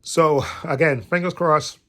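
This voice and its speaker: Still getting over a cold, a male vlogger rambles casually from bed, keeps circling back, and says "like I said" again and again. He speaks a little slowly in a voice on the high side, steady, bright, and forceful.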